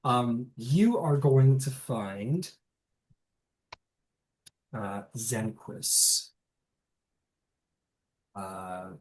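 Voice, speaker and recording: A man's voice: medium pitch, drawn-out words, pauses often, a little mellow. A male game master narrates a tabletop scene in a loose, rambling way. He stops and restarts often, tossing in fillers as he goes. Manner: rambling, filler-heavy, self-interrupting.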